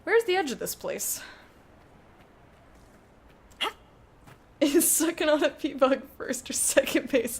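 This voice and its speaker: A young woman talks casually over her game stream, reading chat aloud and answering it bluntly with plenty of swearing and laughter. Her voice sits a bit high and swings widely in pitch as she reacts. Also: very animated, slow pace, creaky, pauses often. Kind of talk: casual live-stream chat while gaming.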